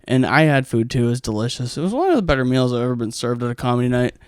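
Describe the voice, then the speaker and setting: A man's voice: medium pitch, expressive, racing, clean tone, no room sound, clean studio sound. A man, a stand-up comic, telling stories in a casual, rambling monologue full of swearing and fillers. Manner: rambling, profane, heavy with fillers.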